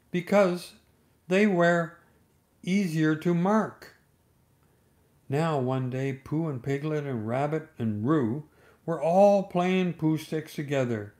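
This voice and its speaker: Slow, gentle male bedtime storyteller. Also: fairly high pitch.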